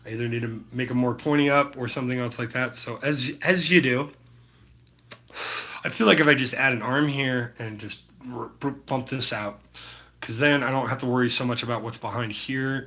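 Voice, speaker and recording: Laid-back bright-voiced man painting on stream. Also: mid-range voice. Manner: laid-back, rambling, swears freely, chats to viewers by name. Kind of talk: casual live-stream chat while painting.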